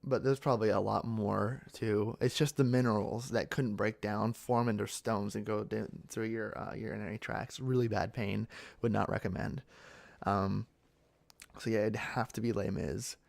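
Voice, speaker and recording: Young guy from pennsylvania, gravelly kinda low voice, chatting thru comments, lots of ums. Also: fairly even intonation, moderate pace. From central Pennsylvania, United States. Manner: rambling, many fillers and restarts. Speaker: ASMR channel host. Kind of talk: casual chat answering comments.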